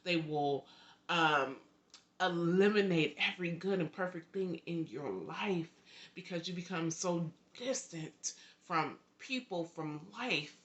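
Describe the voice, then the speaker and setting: Brief: earnest young woman vlogger, low-pitched voice, emphatic heartfelt delivery. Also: slow pace, dull audio. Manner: earnest, emphatic repetitions, lively swings in loudness. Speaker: vlogger and author. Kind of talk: heartfelt direct-to-camera talk.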